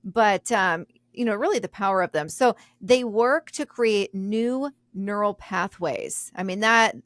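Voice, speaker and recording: A woman's voice: mid-range voice, unhurried, fairly bright tone, no echo, clean studio sound. A woman co-hosting a podcast, chatting casually in a bubbly way and laughing often. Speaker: podcast co-host. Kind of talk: casual chat.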